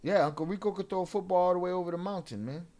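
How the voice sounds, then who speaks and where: A man's voice: sits high, very fast, a loud crowd. Profane man ranting on a livestream. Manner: profane, confrontational, talking back to chat; mixes in Spanish slang. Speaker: livestream host. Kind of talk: casual livestream rant.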